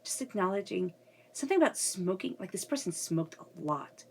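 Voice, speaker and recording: A woman coming down with a cold gives an earnest, casual spiritual reading. She repeats phrases for emphasis and keeps checking in with the listener. Her voice sits at an ordinary middle pitch for a woman. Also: very animated, moderate pace, darkish tone, slightly rough. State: getting a cold. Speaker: tarot reader.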